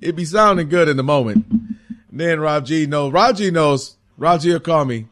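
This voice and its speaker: Animated sing-song sports radio man. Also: on the high side, normal speed. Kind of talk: casual sports talk. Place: radio studio.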